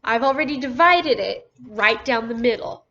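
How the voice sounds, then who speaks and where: Brief: woman teacher for small kids, bright higher voice, patient syllable-by-syllable phonics delivery. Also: lively intonation. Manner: slow, sounds out words syllable by syllable. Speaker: first grade teacher. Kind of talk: recorded phonics lesson for young children. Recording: dull lo-fi recording with faint noise.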